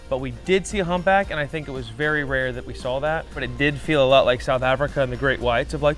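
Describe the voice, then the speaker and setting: A man's voice: fairly high pitch, fairly quick, faint music behind. A man casually telling wry, joking stories to the camera on a trip. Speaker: vlog regular.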